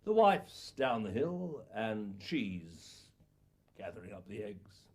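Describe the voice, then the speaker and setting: An actor playing an elderly father in a lonely farmhouse, a shrewd and wry man telling his story slowly in a husky voice. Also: lowish voice, very animated, exaggerated voice. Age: older. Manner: slow storytelling with playful sound imitations. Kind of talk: acted monologue recollection.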